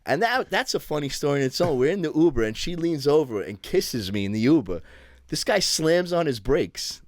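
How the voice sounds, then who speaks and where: A man's voice: a little high, normal speed, no room sound, studio quality. A man telling a long funny story as a podcast guest, acting out the other people's voices as he goes. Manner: animated, acts out voices in his stories. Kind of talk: casual storytelling.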